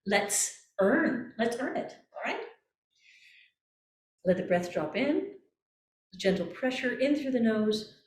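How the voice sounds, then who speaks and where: A woman voice coach calmly guiding a breathing exercise, repeating gentle cues. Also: fairly high pitch, slow, long pauses, slight background noise. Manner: calm, coaxing, repeats cues. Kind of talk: guided breathing exercise instruction. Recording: echoey room.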